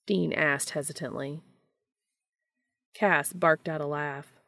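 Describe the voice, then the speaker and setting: A woman reading fan fiction aloud in a measured, even storytelling manner. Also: sits low, creaky, no echo, studio quality. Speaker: fanfiction reader.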